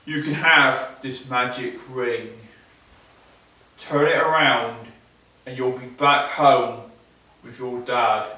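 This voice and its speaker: A gruff, commanding male beast from a fairy tale, as a storyteller puts him on. The voice rings through a large echoey hall, heard from some distance off the mic, lines delivered slowly and firmly. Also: medium pitch, steady tone, sharp tone. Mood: generous. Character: gruff male beast, stern then kind.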